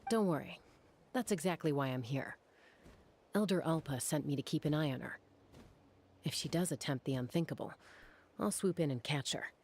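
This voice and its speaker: A woman voicing a calm, composed young woman warrior in a video game, speaking in a steady, even manner. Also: low voice, normal speed, long pauses. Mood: reassuring. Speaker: game character.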